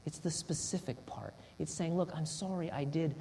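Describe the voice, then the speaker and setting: A man's voice: on the high side, normal speed, gravelly, warm tone, slight background noise. A man preaching a sermon in an earnest manner, asking rhetorical questions and acting out example confessions. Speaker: pastor.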